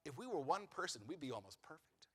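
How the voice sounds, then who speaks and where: A man's voice: fairly high pitch, big pitch swings, fast talker, a bit bright, slightly rough. A man giving a sermon as rabbi, telling the story in a humorous, conversational way and asking the congregation questions. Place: synagogue sanctuary. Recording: long reverb of a large sanctuary.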